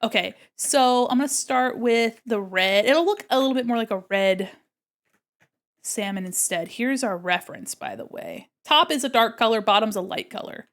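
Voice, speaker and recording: Her voice on the high side and her pace normal, a woman draws on a livestream, casually chatting and describing her process step by step in a playful way.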